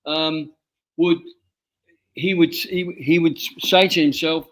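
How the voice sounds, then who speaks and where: An older man from England, an author being interviewed, telling stories from his life with many halting restarts and repeated words. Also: fairly high pitch, fairly even intonation, a bit bright. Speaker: author guest. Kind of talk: interview storytelling.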